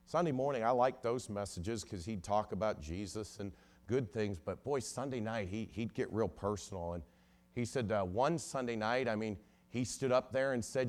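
A man's voice: fairly low pitch, normal speed. A middle-aged man, a lawyer, telling a story to an audience and acting out the voices of the people in it. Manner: animated storyteller acting out quoted dialogue.

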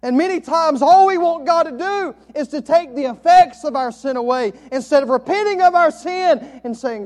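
A man preaching a sermon from the pulpit, quoting old scripture and swinging from loud emphatic lines to soft, hushed ones. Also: extremely high pitch, animated, normal speed. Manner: quotes King James scripture. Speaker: pastor.

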